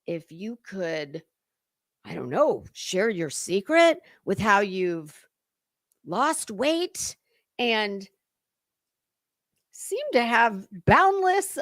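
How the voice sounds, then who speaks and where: Woman doing snarky stream commentary, slow drawl, dry close mic. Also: mid-range voice, a bit bright, no room sound. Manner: sarcastic and mocking, with lots of fillers. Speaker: livestream commentary host. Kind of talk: casual livestream commentary.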